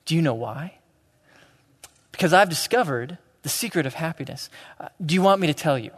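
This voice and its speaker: A man voicing a small storybook boy in whispered role-play, hushed and teasing. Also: a little high, expressive, brisk. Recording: reverberant church hall.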